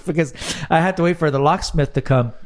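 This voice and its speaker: A man on a podcast telling a story in a casual, animated way, swearing and laughing as he goes. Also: a little high, brisk. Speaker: podcast guest.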